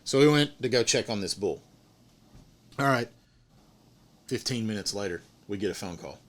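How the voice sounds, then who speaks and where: Here a middle-aged man, hosting a podcast, spins a story in casual talk. His pitch is fairly low and his speed normal, and he animates the tale by performing the characters' lines.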